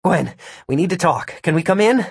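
A man's voice: sits high, lively intonation, normal speed, vocal fry, husky, dry recording, voice pushed up, exaggerated voice. A man voicing a restless adult man who is always on guard, talking urgently in a raised voice.

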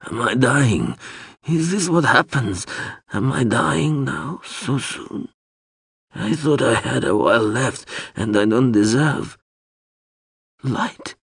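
A male audiobook narrator voicing a badly wounded dying man who speaks in a weak, halting, breathy way. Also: medium pitch, expressive, a bit bright, no room sound, studio quality, pitched above the performer's own voice, exaggerated voice. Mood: dazed fearful. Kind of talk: audiobook character voice.

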